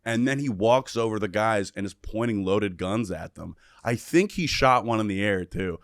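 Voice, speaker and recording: A man with a lowish voice tells a rowdy story on a podcast mic, swearing freely and jumping into the voices of the people in it. The sound is dry and close, with no room around it. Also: moderate pace, dry recording. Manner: animated, profane, acts out quotes. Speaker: podcast guest. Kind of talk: casual storytelling.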